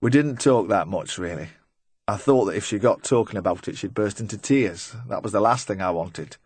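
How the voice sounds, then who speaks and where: A nervous, rambling middle-aged van driver, voiced by a male audiobook reader, eager to please and quick to crack a weak joke. The voice sits low and close, recorded dry with no room around it. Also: a little mellow, husky, no echo. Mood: chatty, uneasy.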